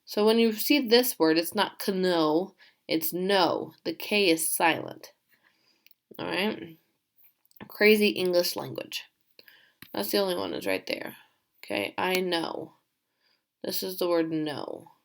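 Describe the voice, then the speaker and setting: A woman teacher giving a remote class, reading a story aloud and asking her pupils questions in an animated way. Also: on the low side, measured pace, creaky, long pauses.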